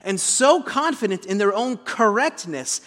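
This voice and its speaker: High-voiced pastor in a reverberant hall. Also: male voice, animated, measured pace, fairly bright tone. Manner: conversational preaching with dramatic booming quotations. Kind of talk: sermon.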